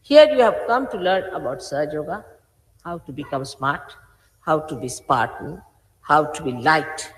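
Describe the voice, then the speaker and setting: A stern woman in her sixties scolds her followers, and her pitch leaps high and drops low as she presses each point. The archive recording carries a long, echoing hall reverb. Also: expressive, normal speed. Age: 60s. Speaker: spiritual teacher. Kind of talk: addressing followers.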